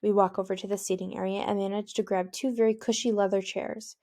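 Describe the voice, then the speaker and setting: A woman's voice: mid-range voice, flat delivery, quick pace, mellow. A woman reading an audiobook in first person, with a conversational, youthful, inward manner. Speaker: audiobook narrator. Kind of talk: first-person scripted narration.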